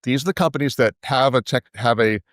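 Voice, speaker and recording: A man's voice: medium pitch, a little fast, fairly bright tone, dry recording, clean studio sound. A man giving interview answers as an investment analyst, thoughtful, often restarting his phrases. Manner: thoughtful, with frequent restarts and repetitions.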